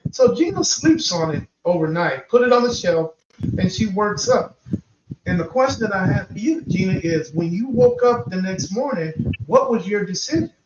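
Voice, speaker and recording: A man hosting a paranormal podcast, casually telling a guest an animated hypothetical story and often calling her by name. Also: sits high. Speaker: podcast host. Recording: roomy, distant, muffled live stream with noise.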